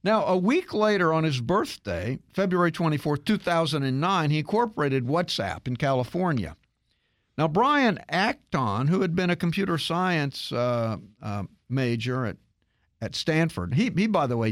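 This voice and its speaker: A man hosting a radio tech show, telling a story in a lively, casual way with many restarts. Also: fairly high pitch, normal speed, dry recording, clean studio sound. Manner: animated storytelling with frequent restarts.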